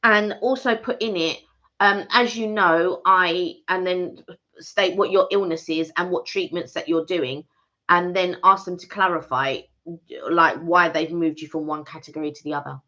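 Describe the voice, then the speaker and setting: A woman co-hosting a live stream, chatting casually and explaining things in an earnest, animated way. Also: fairly low pitch, normal speed, highs cut off. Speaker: channel co-host.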